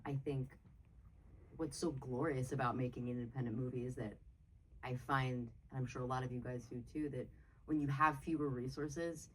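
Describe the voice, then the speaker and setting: A woman's voice: a bass voice, a little hiss or hum. A woman producer speaking on a live Q&A panel, chatty and eager, talking in long connected thoughts, picked up from a distance. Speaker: film producer, panel guest. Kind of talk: casual Q&A talk. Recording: voice picked up from far off.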